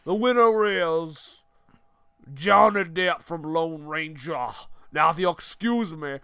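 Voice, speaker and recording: A man's voice: fairly high pitch, slow pace, a bit bright, smooth, no room sound, clean studio sound. A man voicing a jowly British man whose accent slides toward southern, fumbling and laughing as he goes. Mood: pompous.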